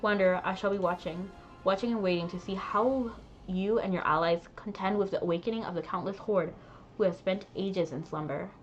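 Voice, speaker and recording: A woman voicing a solemn, ancient divine female spirit in a game, speaking in slow, grave, formal proclamations. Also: mid-range voice, highs cut off, faint music behind, lightly acted. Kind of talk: reading game dialogue aloud.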